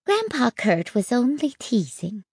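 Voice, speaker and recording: A woman reading as a kind, elderly grandmother who speaks softly and reassuringly, slightly higher than the narration. The storybook read is slow and dry. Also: big pitch swings, gravelly, no room sound, exaggerated voice. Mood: soothing. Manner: soft and reassuring.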